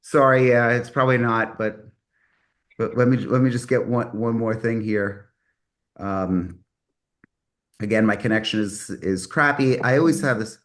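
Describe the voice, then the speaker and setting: A man's voice: mid-range voice, steady tone, a little slow, a bit bright. Rambling middle-aged man on a video call. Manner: rambling, self-correcting, enthusiastic. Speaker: mastermind group host. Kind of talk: casual online meeting talk.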